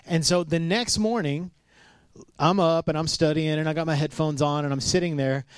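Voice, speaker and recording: Man, 30s, pastor, conversational sermon, storytelling, fairly high voice. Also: normal speed, clear, resonant tone, dry recording. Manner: storytelling, animated, acts out quotes.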